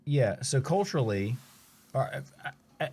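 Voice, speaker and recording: A man's voice: medium pitch, sing-song, measured pace, mellow, husky. Earnest man, reflective. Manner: earnest, reflective, frequent restarts. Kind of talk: casual faith discussion.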